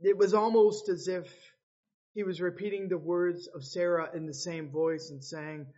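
A man's voice: sits high, steady tone, moderate pace, a little mellow, dull audio. A man preaching a sermon, dramatically acting out the voices of biblical figures as he tells the story. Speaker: pastor.

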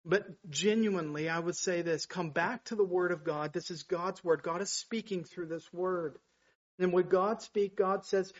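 Preacher, man, high-pitched, emphatic delivery, muffled lo-fi sound. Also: fairly even intonation, moderate pace. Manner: preaching with rising emphatic bursts. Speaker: pastor. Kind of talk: sermon.

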